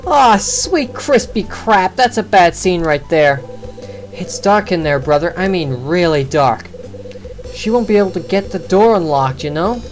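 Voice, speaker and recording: A woman putting on the voice of an excitable, slangy young man working at a hotel in a game. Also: on the low side, moderate pace, faint music behind, lightly acted. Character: excitable young male bellhop, slangy and jumpy.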